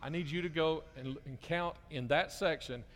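A middle-aged pastor gives a children's sermon, coaxing the kids with lively questions. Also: male voice, a little high, moderate pace, slight background noise. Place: church sanctuary. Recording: long reverb of a large church hall.

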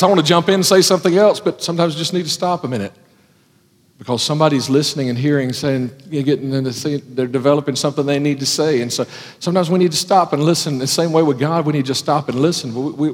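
A man preaching a sermon as pastor, folksy in his wording, swinging from loud exhortation to hushed tones. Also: fairly high pitch. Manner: folksy, says ain't and gotta. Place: church sanctuary. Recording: long hall reverb.

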